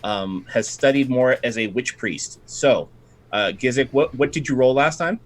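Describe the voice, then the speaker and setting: A man narrating as dungeon master, animated and quick, shifting between tense description and playful banter. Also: mid-range voice. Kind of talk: narrating a tabletop game.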